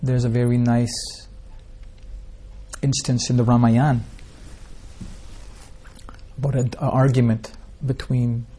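A man's voice: medium pitch, little pitch movement, takes it slowly, pauses often, warm tone. A man teaching an informal scripture class, telling stories in a rambling way and asking the listeners rhetorical questions. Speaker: spiritual teacher.

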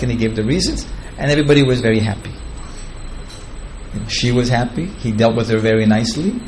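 A man teaches through scripture stories, wandering into chatty asides and chuckling at his own jokes. His voice sits at a middle pitch. A faint ambient hum runs underneath. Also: expressive, brisk, a little mellow, poor audio. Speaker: spiritual teacher. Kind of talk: devotional storytelling lecture.

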